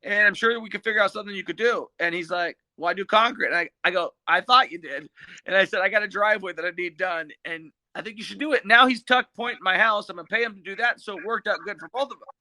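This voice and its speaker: High-voiced man rambling casually. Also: pushed and bright, low-quality recording. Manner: rambling, halting with fillers. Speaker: podcast co-host. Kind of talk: casual livestream chat.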